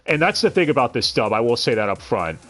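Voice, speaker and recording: A man's voice: mid-range voice, very animated, fast, a bit bright. Stammering, sardonic male anime reviewer. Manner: stammering, sardonic and profane, frequent restarts. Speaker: anime dub reviewer and streamer. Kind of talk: casual commentary on a live stream.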